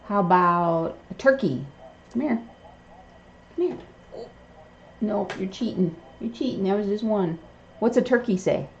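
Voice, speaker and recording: A woman's voice: medium pitch, normal speed, reverberant. A woman talking in sing-song baby talk to her pet bird on a live stream. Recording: dull lo-fi with steady noise.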